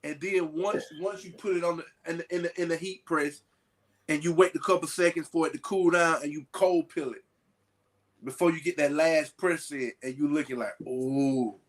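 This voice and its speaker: A man talking casually to a group, telling lively stories with folksy asides. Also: a little high, normal speed. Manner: animated storytelling with folksy asides.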